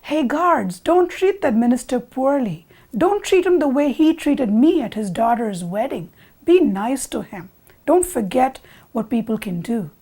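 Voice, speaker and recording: A woman's voice: fairly high pitch, very animated, unhurried, a little mellow, exaggerated voice. A woman storyteller voicing a sly, resentful male palace sweeper who mutters and feigns sleepy innocence.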